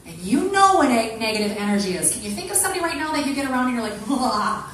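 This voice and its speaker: A woman giving an animated motivational talk to a women's group, acting out the people she quotes. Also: high-pitched, racing. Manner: animated, acts out quoted voices. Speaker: motivational speaker. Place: meeting room with an audience. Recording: echoey room from far off, faint noise.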